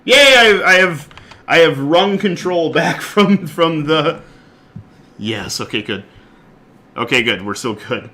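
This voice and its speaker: A man streaming a card game live, chatting excitedly, laughing often and swinging from loud outbursts to quiet muttering. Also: a little high, slow, pauses often. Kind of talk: live gameplay commentary.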